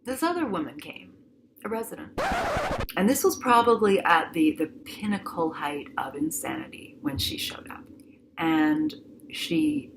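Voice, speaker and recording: A woman vividly recounting a frightening hospital experience, emotional and animated, acting out the people involved. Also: low voice, unhurried, noisy background. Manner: emotional, animated, acts out voices. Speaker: patient telling her story. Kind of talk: dramatic personal storytelling.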